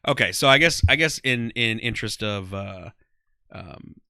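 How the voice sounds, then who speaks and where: A man's voice: fairly low pitch, animated, normal speed, gravelly, bright, forceful tone, clean tone, dry recording. A man in his thirties, a comedian, talking casually in an interview, rambling with lots of "um" and "like". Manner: rambling, heavy on "um" and "like". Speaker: guest, comedian and former ring announcer.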